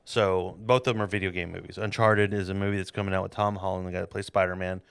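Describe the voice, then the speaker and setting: A man's voice: low-pitched, flat delivery, quick pace, creaky, smooth, dry recording, clean studio sound. A man hosting a podcast in casual, rambling chat, laughing at his own jokes. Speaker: podcast host.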